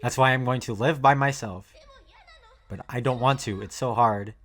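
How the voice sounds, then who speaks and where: A woman's voice: very deep voice, moderate pace. A woman voicing a proud, lonely teenage girl pilot in an anime dub, speaking in defiant, clipped declarations. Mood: desperate.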